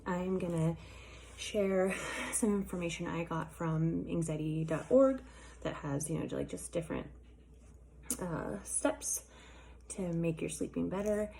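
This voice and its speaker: Gravelly-voiced woman chatting casually. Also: lowish voice, measured pace, warm tone. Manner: chatty, with many ums and likes. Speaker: vlogger. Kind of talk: casual chat.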